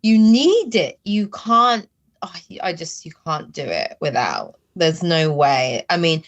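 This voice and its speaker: A woman with a slightly low voice, talking candidly as a guest in a conversational interview. She speaks in a halting, emotional way and uses a lot of filler words as she gathers her thoughts. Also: sing-song, highs cut off. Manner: emotional, halting, heavy use of "like".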